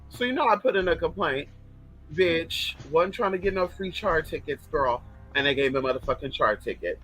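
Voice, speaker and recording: A man's voice: a little high, lively intonation, moderate pace, fairly bright tone, faint music behind, low-quality recording. A man hosting a casual livestream, talking in a sassy, flamboyant way, swearing freely and reading out viewer comments.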